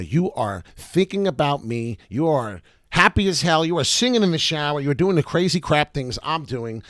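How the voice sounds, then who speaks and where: Upbeat male crypto vlogger with a slightly cracking voice, lively rising and falling delivery, dry close sound. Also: medium pitch, no room sound. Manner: excitable and chatty, with many "uh" fillers; breaks into loud off-key singing. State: voice cracking in the morning. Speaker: crypto chart analyst and channel host. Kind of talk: casual crypto chart commentary.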